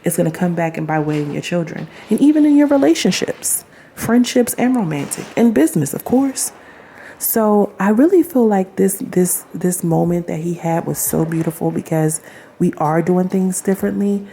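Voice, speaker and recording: A woman's voice: fairly low pitch, lively intonation, normal speed, gravelly, warm tone, a little hiss or hum. A young woman talking casually to camera as a vlogger, chatty and affirming, speaking straight to her viewers with laughs and asides.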